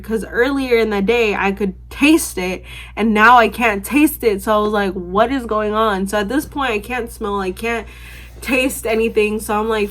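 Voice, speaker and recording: A woman's voice: medium pitch, a bit bright. A young adult woman telling a story to her vlog camera in a casual, rambling way, full of "like" and restarts, swearing offhandedly. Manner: rambling, filler-heavy, lots of "like" and restarts. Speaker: vlogger.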